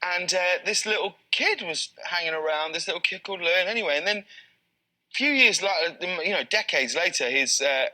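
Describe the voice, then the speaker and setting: Bright, lively man telling stories. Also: high-pitched, poor audio. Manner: excitable storyteller, quick bursts, many restarts. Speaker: talk show guest. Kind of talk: casual chat, animated anecdote.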